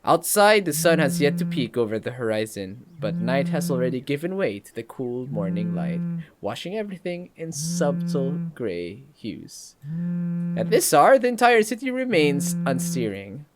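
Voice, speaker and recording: A man's voice: a little high, sing-song, normal speed. A man hosting a let's play, reading a story game aloud and breaking off for joking comments.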